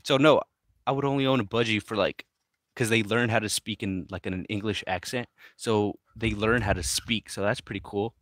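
A man hosting a casual livestream, reading viewer questions aloud and chatting in a relaxed, mumbly way to his pets. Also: fairly low pitch, normal speed, no room sound, studio quality. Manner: laid-back, mumbly, talks to his pets. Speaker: livestream host reading chat. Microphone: phone.

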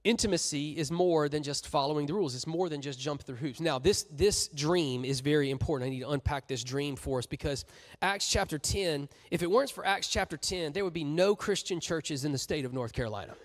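Joking high-voiced youth pastor preaching. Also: male voice, brisk. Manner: joking, animated, conversational. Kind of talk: sermon. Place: church hall. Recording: long reverb in a church hall.

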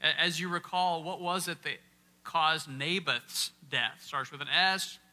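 Bright-voiced man teaching a Bible lesson. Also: fairly high pitch, unhurried. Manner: conversational, quizzes the audience, stresses key words. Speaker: workshop speaker. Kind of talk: interactive Bible teaching talk. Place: church hall, before a live audience.

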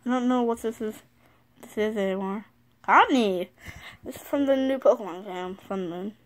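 A school-age girl vlogging casually from her bed, excitable, reading card names aloud and often apologizing. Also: mid-range voice, normal speed. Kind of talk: casual card-opening vlog. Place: sitting on her bed at home.

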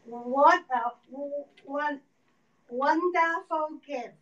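A woman reading the part of a spry, stylish seventy-year-old Chinese-American woman, speaking slow, hesitant English with a heavy Chinese accent at a live screenplay reading. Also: high-pitched, fairly bright tone, full character voice. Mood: halting. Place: event room at a reading. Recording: echoey room, distant mic, dull.

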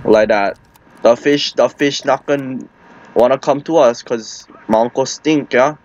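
A man's voice: medium pitch, measured pace, muffled recording, a little hiss or hum. A man with a Hawaiian Pidgin accent telling a rambling comic tall tale, acting out the people in it. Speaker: storyteller. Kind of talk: comic storytelling.

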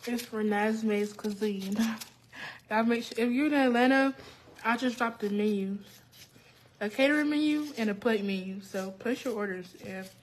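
A woman's voice: fairly high pitch, moderate pace, a little hiss or hum, low-quality recording. A young woman, chatting casually and teasing her mother, laughing as she protests. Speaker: host's daughter, caterer. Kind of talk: casual chat.

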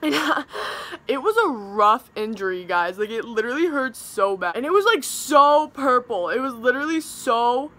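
A young woman tells a story straight to the camera with a high, bright voice. She is chatty and theatrical and peppers every sentence with "like". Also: animated, normal speed. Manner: dramatic, chatty, heavy use of "like". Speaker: vlogger.

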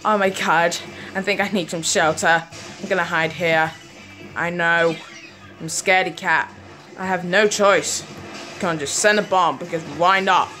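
A woman giving live gameplay commentary, excitable and quick to panic, exclaiming often and laughing at herself. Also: fairly low pitch, soft background music. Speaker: gaming video host.

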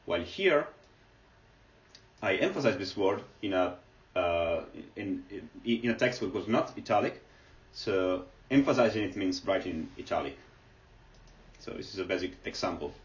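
A man's voice: low voice, expressive, normal speed, long pauses. A man giving a screen-recorded lecture, explaining step by step with many fillers as he types. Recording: echoey, distant, dull lo-fi.

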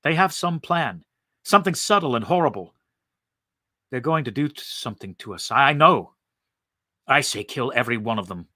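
A panicky Martian soldier who trembles, whispers and breaks into frightened cries, as a man acts him out. The tone is bright and the sound is dry and close. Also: mid-range voice, expressive, normal speed, long pauses, dry recording. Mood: fearful whisper.

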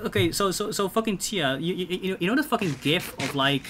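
A man streaming a game, telling stories in a casual, profane, animated way with many restarts. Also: sits high, brisk, background noise. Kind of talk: casual storytelling while gaming.

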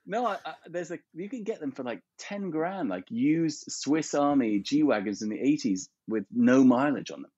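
Husky guy on a dull lo-fi line, lots of laughing and restarts, totally dry sound. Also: medium pitch, normal speed, hardly any pauses, no echo. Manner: animated, laughs often, trails off and restarts. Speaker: podcast guest, artist and photographer. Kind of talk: casual chat.

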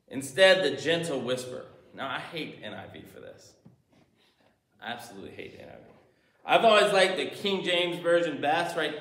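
Animated male preacher in an echoey room. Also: a little high, moderate pace. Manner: animated, shifts between loud emphasis and quiet asides. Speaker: pastor. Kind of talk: sermon.

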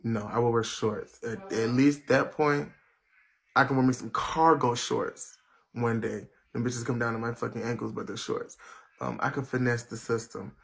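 A man's voice: medium pitch, fairly even intonation, creaky. A young man hosting a casual livestream chat, brash and profane, reading viewer comments aloud and ranting at them. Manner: brash, profane, quick to rant. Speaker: livestream host.

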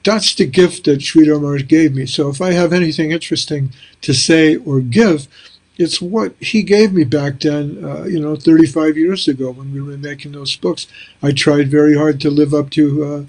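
An older man with a slightly high voice tells stories in an animated way, chuckling and slipping into other people's voices. He speaks over a video call from a small book-lined room. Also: normal speed. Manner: animated, chuckling storyteller who acts out dialogue. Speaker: spiritual teacher and author. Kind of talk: reflective storytelling interview.

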